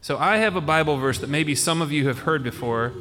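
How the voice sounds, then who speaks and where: A man's voice: fairly high pitch, fairly quick, in a large hall. A man hosting a podcast, chatting with children and asking them friendly, teacherly questions. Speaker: podcast host. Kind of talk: casual chat with children.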